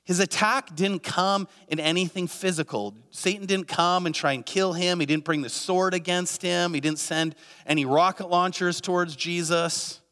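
An earnest man preaching a sermon, his voice sitting a little high for a man. He asks many rhetorical questions and repeats key phrases. A long reverb trails his words, as in a big hall. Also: steady tone, normal speed, hardly any pauses, pushed and bright. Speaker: pastor.

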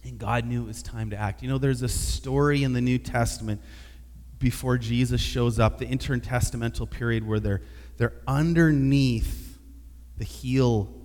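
A man preaching a sermon, telling a story with lively, animated delivery. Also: mid-range voice, long reverb tail. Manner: animated storytelling, acting out dialogue. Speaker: pastor.

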